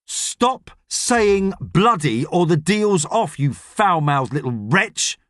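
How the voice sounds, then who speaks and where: A man voicing a gruff, grumpy middle-aged astronaut, stern and lecturing in an audiobook. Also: high-pitched, sing-song, slow pace, a bit bright, dry recording, studio quality, pitched above the performer's own voice, exaggerated voice. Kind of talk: audiobook character reading.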